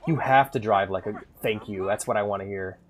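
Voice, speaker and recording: A man streaming a video game, commentating casually and excitably, swearing often and reading game text aloud. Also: on the low side, a little fast.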